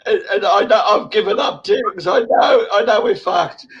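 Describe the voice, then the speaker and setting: A man's voice: high voice, normal speed, highs cut off. An Australian man in his sixties hosting an impassioned online chat, emotional, swearing heavily and rambling with restarts. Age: 60s. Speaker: show host.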